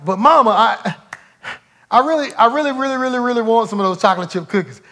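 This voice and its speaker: A man's voice: very high voice, quick pace, a bit bright, pitched above the performer's own voice. A man voicing a pleading little boy in a grocery cart who keeps repeating his request. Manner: begging, repeating himself.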